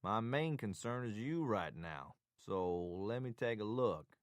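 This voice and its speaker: A man's voice: on the low side, animated, slow pace, no echo, studio quality. A man voicing a joking male doctor with a Texas drawl, teasing an old friend. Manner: teasing, wisecracking.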